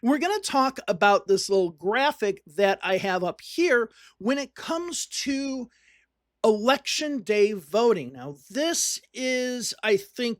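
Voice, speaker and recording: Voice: medium pitch, no echo, studio quality. A political commentator from the northern United States, talking casually and reading on-screen text aloud, often repeating points for emphasis.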